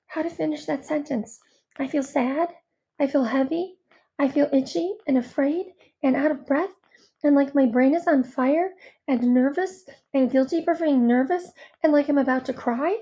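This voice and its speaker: A woman narrating a first-person audiobook with a high, light voice. Her delivery is earnest and introspective, with an anxious edge. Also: normal speed, warm tone, highs cut off.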